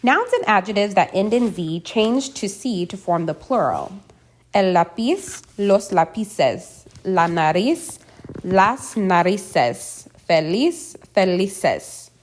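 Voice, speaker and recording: A woman reading a scripted pronunciation lesson, deliberately enunciating each example word. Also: medium pitch, big pitch swings. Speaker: language teacher.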